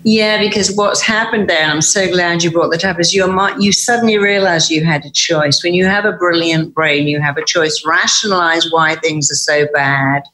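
A British woman talks through ideas with emphatic energy, often slipping into quoted voices of the mind. Her voice sits low and the room around it is audibly roomy. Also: normal speed, few pauses. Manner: acts out inner dialogue in quoted voices, emphatic and lively. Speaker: guest, therapist. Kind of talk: animated podcast conversation.

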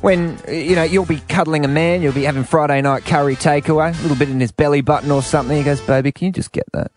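A man hosting a late-night radio show, joking and bantering fast and cheekily. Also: a little high, fairly even intonation. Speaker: radio host. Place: radio studio. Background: faint music.

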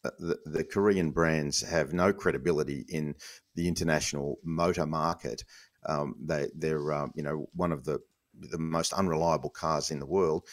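Low-voiced wry man. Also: fairly even intonation, normal speed. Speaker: podcast co-host. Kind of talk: casual sports chat.

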